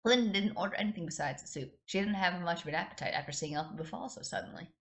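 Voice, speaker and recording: A woman's voice: lowish voice, animated, racing. A woman hosting a podcast, reading fan fiction aloud casually, with chatty asides and little giggles. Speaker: podcast host.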